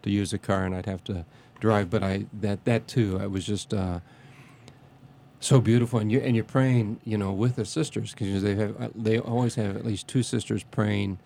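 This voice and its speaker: A man reminiscing in a casual interview, speaking haltingly with many restarts and fillers and a reverent tone. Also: on the low side, steady tone, vocal fry, warm tone, a little hiss or hum.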